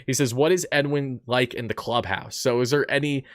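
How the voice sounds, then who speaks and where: A man with a mid-range voice hosting a sports talk show, recorded dry and close. He talks eagerly and gushes like a fan, filling pauses with uh. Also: medium pitch, steady tone, fairly bright tone, no echo. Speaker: podcast host.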